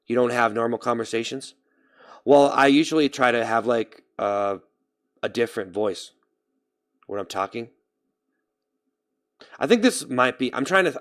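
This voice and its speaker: Brief: young male streamer, smooth clear voice, middle pitch, loose rambling chat. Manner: rambling, thinks aloud about his own speaking voice. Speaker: live streamer. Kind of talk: casual livestream chat.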